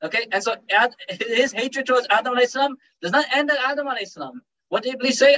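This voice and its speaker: A young Islamic teacher gives an informal, conversational religious lecture, joking and dropping in Urdu and Arabic phrases. His voice is extremely high and fairly bright, fast with few pauses, in a dull, distant recording.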